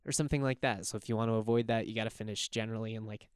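A man's voice: on the low side, fairly even intonation, rapid-fire, clear, resonant tone, no room sound, clean studio sound. A young man hosting a casual college basketball podcast, rambling and chuckling as he talks. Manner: rambling, chuckling, self-correcting. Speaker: podcast host. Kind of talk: casual sports podcast talk.

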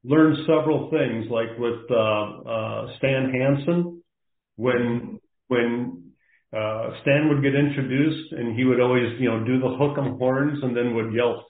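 Man, slow rambling speech, lots of ums, tinny phone line, roomy echo. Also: mid-range voice. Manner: rambling, halting, many fillers. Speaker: podcast guest. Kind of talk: casual phone interview.

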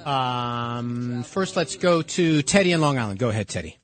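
A man's voice: medium pitch, animated, moderate pace, faint music behind. A man hosting a call-in radio talk show, arguing his point heatedly and repeating himself when he gets worked up. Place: radio studio. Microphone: studio microphone.

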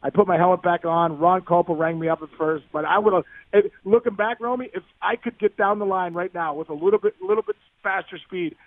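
A man telling a long sports story in a podcast interview, animated and tumbling over his words with restarts. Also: sits high, a little fast, no room sound. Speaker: guest, former baseball player. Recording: dry, phone-like line.

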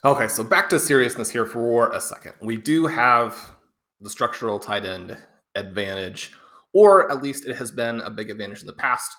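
A man co-hosting a podcast in casual chat, relaxed, with fillers and repeated words. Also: mid-range voice, moderate pace. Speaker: podcast co-host.

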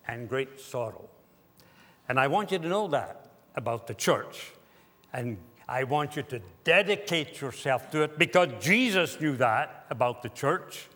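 A man preaching a sermon as pastor, slow and deliberate with emphatic pauses. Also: a little high, fairly bright tone. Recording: long hall reverb.

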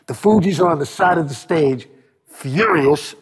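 A man being interviewed as a record producer, telling animated stories, acting out quotes and swearing freely. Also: on the high side, moderate pace, breathy edge, long reverb tail. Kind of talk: storytelling interview.

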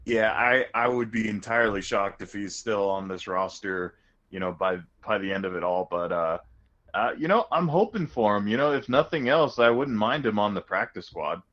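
A man's voice: fairly low pitch, expressive, moderate pace, fairly bright tone, muffled recording. A man co-hosting a casual sports podcast, thinking aloud with stops and repeated words. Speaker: podcast co-host.

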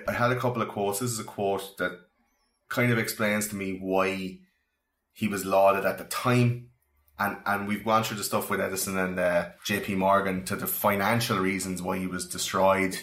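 A man hosting a casual podcast, telling stories in an animated, profane way. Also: low voice, moderate pace, roomy sound. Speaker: podcast host.

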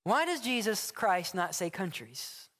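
A man's voice: sits high, unhurried. Man preaching a sermon in a reverberant church. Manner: animated storytelling with acted dialogue. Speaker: pastor. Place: church sanctuary. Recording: long hall reverb.

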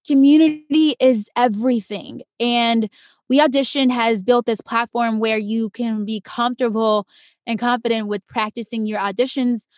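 A young adult woman chats easily as an interview guest, jumping into lively quoted voices while she tells her stories. Her voice sits fairly high and the recording is close and dry. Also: moderate pace, dry recording. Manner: animated storyteller, acts out quoted voices. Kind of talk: casual interview chat.

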